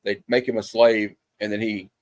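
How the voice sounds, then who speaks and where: A man's voice: lowish voice, level tone, normal speed, dry recording. A man hosting a casual movie review, telling a story in a loose, rambling way full of fillers and restarts. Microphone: streaming setup.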